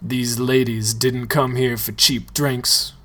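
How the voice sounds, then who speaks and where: Man reading quiet solemn dancer, grave speech, slow, even. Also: medium pitch.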